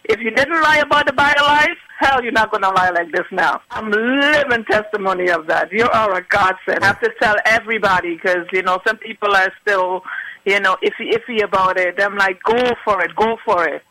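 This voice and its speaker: A woman calling in to give a phone testimonial as a satisfied client, talking excitedly and repeating herself. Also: medium pitch, brisk, dry recording, poor audio.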